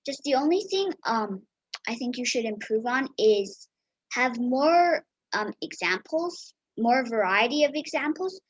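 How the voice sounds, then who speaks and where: Higher husky woman judge, dry sound. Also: lively intonation, measured pace, no echo, lo-fi sound. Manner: friendly praise, many ums and likes. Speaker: speech tournament judge. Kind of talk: casual spoken feedback.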